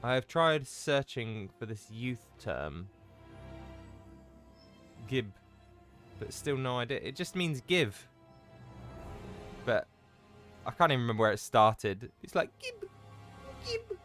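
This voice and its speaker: A man's voice: medium pitch, sing-song, slow, pauses often, fairly bright tone, faint music behind. A man streaming a game, chatting casually with viewers in a self-mocking way and swearing freely. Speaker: gaming streamer. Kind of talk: casual live-stream chat.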